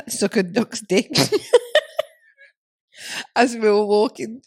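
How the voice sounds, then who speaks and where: A woman's voice: medium pitch, unhurried, slightly rough. A woman co-hosting a podcast, casually telling a story with lots of laughter and swearing. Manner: giggly, swearing, animated storytelling. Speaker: podcast co-host.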